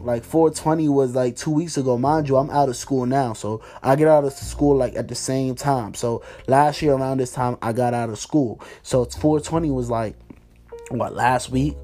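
A man's voice: medium pitch, a little mellow. A man in his twenties hosting a podcast, telling a story in a rambling, profane way, full of "like" and "you know". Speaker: podcast host. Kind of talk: casual storytelling monologue.

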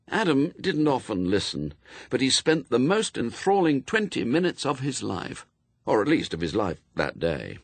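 A man narrating a novel in a wry, expressive storytelling manner, recorded close and dry. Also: mid-range voice, moderate pace, breathy edge, no echo. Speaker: audiobook narrator. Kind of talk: scripted narration.

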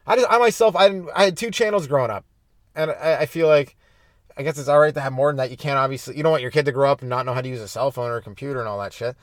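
A young adult man hosting a comedy podcast, stoned and rambling loosely through jokes with sudden animated bursts. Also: mid-range voice, racing, no room sound, studio quality. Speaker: podcast host.

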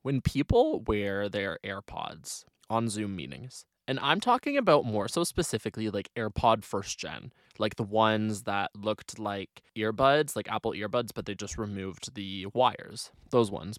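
A young man hosting his own solo podcast, talking in an animated, chatty way with lots of "like" fillers. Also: lowish voice, moderate pace, hardly any pauses, no echo, studio quality. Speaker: podcast host.

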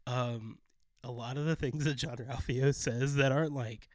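A man in casual chat about a favorite sitcom, excitable, often acting out quotes. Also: mid-range voice, normal speed, dry recording. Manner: excitable, acts out quotes with laughs.

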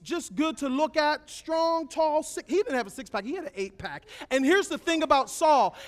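A man preaching to young people, retelling a story in a joking, slangy, animated way. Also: very high voice. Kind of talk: casual storytelling sermon.

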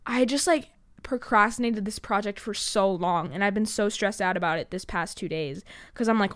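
Rambling teenage girl with a smooth, dry voice. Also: mid-range voice, normal speed, no room sound. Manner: rambling, filler-heavy, swears, self-mocking. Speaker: podcast host. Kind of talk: casual solo podcast chat.

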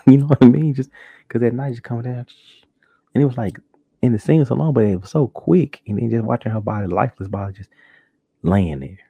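A man hosts a casual solo podcast, telling stories with energy and acting out shocked reactions in a high voice. He talks briskly with vocal fry, a breathy edge and frequent pauses. The home recording is dry, dull and lo-fi.

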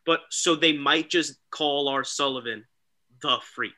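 Excitable bright-voiced man chatting. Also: a little high, a little slow. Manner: excitable, animated, mimics people. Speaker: podcast co-host. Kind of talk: casual wrestling talk.

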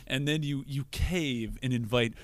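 A young man, telling profane, animated stories in a casual chat. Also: medium pitch, unhurried, dry recording. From Canada. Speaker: podcast co-host.

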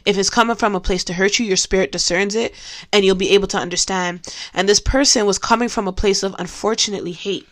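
A woman's voice: medium pitch, fairly even intonation, quick pace. Woman doing a laid-back bible study, talks real candid, laughs a lot, medium voice. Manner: candid and chatty, laughs often. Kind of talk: casual devotional teaching.

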